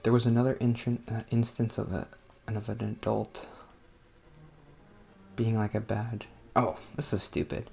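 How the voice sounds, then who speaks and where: A lowish, gravelly, warm voice with a flat delivery belongs to a let's play host from New Jersey who speaks a little slowly, with long pauses. His casual gameplay talk is rambling and hesitant, crowded with fillers and self-interruptions, and he mutters at the game under his breath.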